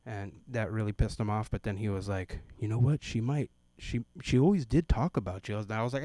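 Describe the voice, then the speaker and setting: A man's voice: lowish voice, a little fast, few pauses, mellow, no echo. A man in his thirties doing a stand-up set at an open mic, telling family stories and briefly putting on voices for the people in them. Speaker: stand-up comedian.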